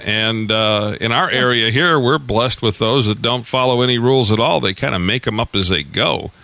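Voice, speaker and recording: Bright-voiced radio host. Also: male voice, medium pitch, normal speed, gravelly. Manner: animated, incredulous questioning. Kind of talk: radio interview.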